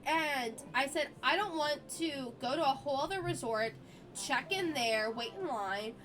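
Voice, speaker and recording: A woman's voice: high-pitched, a little slow, a bit bright. A woman streamer, sick with a cough, chatting casually and telling a story in an exasperated way, full of "like" fillers.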